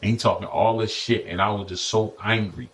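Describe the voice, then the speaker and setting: Low-voiced man telling profane stories. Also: brisk, slight background noise. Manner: profane, animated storyteller acting out others' lines. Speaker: podcast guest. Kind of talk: casual storytelling chat.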